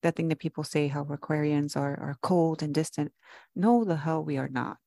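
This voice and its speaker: A young woman co-hosting a podcast, speaking casually and expressively with loose, unfiltered swearing. Her voice has a gravelly fry to it. The room sounds close and dry. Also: low-pitched, moderate pace, dark tone, no room sound. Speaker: podcast co-host.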